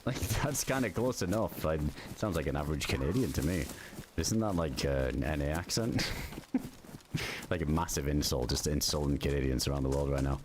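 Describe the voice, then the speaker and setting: A man's voice: a bass voice, moderate pace, background noise. A young man streaming a game, chatting casually in a rambling way, full of fillers and swearing. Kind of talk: casual chat while gaming.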